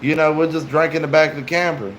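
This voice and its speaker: A man voicing a soft-spoken stranger who keeps coaxing teenagers into his camper. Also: fairly high pitch, steady tone, quick pace, slight background noise, voice pushed up, close to an everyday voice, poor audio. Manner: wheedling, persistent.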